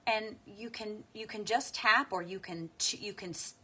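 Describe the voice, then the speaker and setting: A woman leading a slow guided tapping meditation. She speaks softly and unhurriedly, pausing often for deep breaths and audible sighs. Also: slight background noise.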